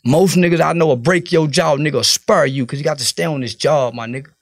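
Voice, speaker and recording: A man's voice: fairly high pitch, fairly quick, creaky, no echo, clean studio sound. A man from Fort Worth, giving an interview in blunt, profane, preachy street talk. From Fort Worth, Texas. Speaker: interview guest.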